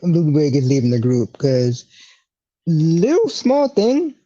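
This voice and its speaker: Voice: medium pitch, sing-song, slow, dark tone. A podcast co-host chatting casually about wrestling, stammering and laughing a lot. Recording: dull, muffled mic.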